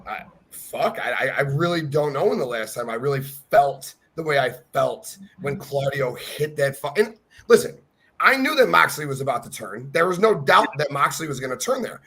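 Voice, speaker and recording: Husky, profane, fired-up man. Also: on the high side, animated, normal speed, pushed and bright. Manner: profane, passionate, gushing fan. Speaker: wrestling podcast co-host. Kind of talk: excited casual podcast chat.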